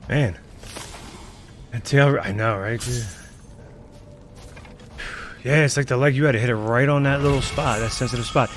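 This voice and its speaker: A man's voice: medium pitch, moderate pace, long pauses, faint music behind. A man giving laid-back, casual commentary while playing a video game, mumbling to himself. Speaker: gameplay streamer. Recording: voice over loud game audio.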